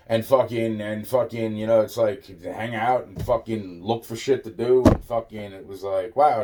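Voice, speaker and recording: A man's voice: on the low side, noisy background. A man telling a rambling personal story. He swears constantly, loses his thread and trails off into repeated fillers.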